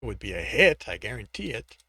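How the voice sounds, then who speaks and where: A man's voice: on the low side, sing-song, a little fast, bright, forceful tone, slightly rough, no echo, voice pushed down, full character voice. Male reader as a chatty, amused male detective in a storybook. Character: amused male investigator, fond of gossip.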